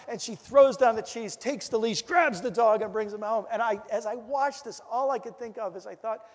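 A middle-aged man, a pastor, giving a lecture full of comic stories, animated and full of restarts. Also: high voice, fairly quick, few pauses. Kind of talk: humorous storytelling lecture. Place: lecture hall. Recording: reverberant hall.

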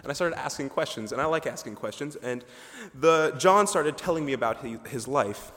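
A man's voice: medium pitch, lively intonation, moderate pace, a bit bright. A young man, a ministry student, giving a humorous, chatty chapel talk, full of asides and fillers. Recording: reverberant chapel hall.

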